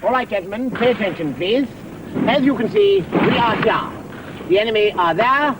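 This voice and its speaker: A man's voice: high voice, sing-song, normal speed, recorded from a distance, very noisy, pitched above the performer's own voice. A comedian playing a pompous, clipped British army officer briefing his men.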